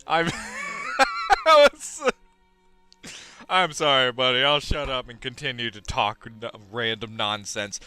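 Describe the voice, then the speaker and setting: A man's voice: mid-range voice, wildly swooping pitch, slow pace, sharp tone, clean tone, no echo, faint music behind. A man with a goofy, self-mocking manner, rambling through casual gaming commentary into a headset mic. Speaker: let's play host.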